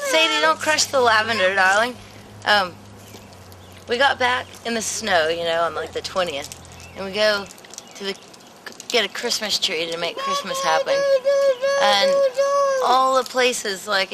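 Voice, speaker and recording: A woman in a documentary recounting a family story with emotion, acting out the voices of the people she quotes. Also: medium pitch. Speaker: musician interviewed in a documentary. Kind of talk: personal storytelling. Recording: heavy background noise.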